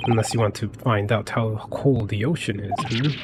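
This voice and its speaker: A man's voice: lowish voice, normal speed, heavy background noise, lightly acted. A man voicing a stern male Russian ship crewman with a put-on Russian accent, interrogating a prisoner. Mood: menacing.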